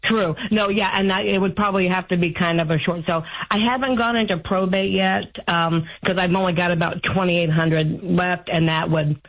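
A woman's voice: lowish voice, fairly even intonation, moderate pace, few pauses. A woman in her fifties calling in to an advice show, talking anxiously and rambling with restarts. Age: 50s. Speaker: caller. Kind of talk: call-in advice conversation. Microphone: phone line. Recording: muffled phone call audio.

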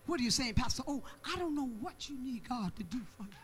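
A pastor preaching a sermon with passion, shouting and half-singing repeated refrains. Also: high voice, expressive, a little fast. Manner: repetitive call-and-response preaching.

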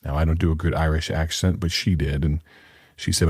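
A man with a very deep, dark voice sets up a sermon for his radio audience. He talks earnestly and plainly, telling a story with a husky grain. The sound is close and dry. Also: little pitch movement, normal speed, dry recording. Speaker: radio preacher. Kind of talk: broadcast sermon introduction.

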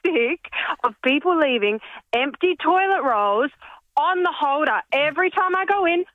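A woman's voice: high-pitched, animated, moderate pace, no echo, narrow, tinny audio. A woman caller ranting in a fed-up way.

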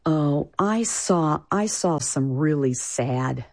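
A woman's voice: low-pitched, animated, takes it slowly, darkish tone. A woman from Iowa, a food writer, answering interview questions in a chatty way with many fillers. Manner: chatty, lots of "you know" fillers.

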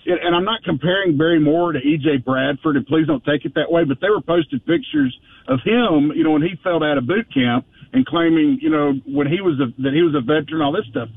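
High lively male caller on a phone line. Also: fairly quick, gravelly. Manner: rambling, restarts often. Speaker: radio show caller. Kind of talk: casual call-in chat. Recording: muffled phone line with faint hiss.

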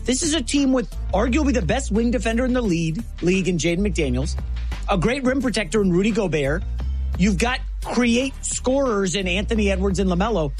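A man's voice: high-pitched, expressive, brisk, soft background music. A man co-hosting a sports talk show, chatting casually and setting up the next topic. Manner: conversational, chatty, sets up segments.

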